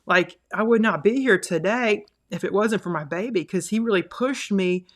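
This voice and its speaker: A woman's voice: medium pitch, normal speed. A woman in her thirties hosting her own podcast, telling her money story in a rambling, earnest way full of "you know" and "like". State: tearful, emotional. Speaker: podcast host. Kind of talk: personal story, motivational talk.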